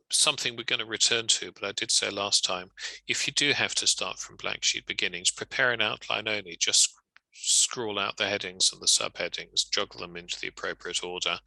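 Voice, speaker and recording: A man teaching legal drafting in a measured, wry, conversational way. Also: sits low, creaky, bright, forceful tone, no room sound, rough recording. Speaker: legal trainer. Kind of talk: recorded lecture.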